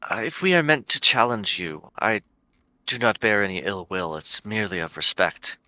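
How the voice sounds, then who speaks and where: A man with a bright, lowish voice playing a tabletop game, earnest and polite in character. The sound is dry and close. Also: lively intonation, normal speed, dry recording, poor audio. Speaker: player. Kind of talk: tabletop role-play.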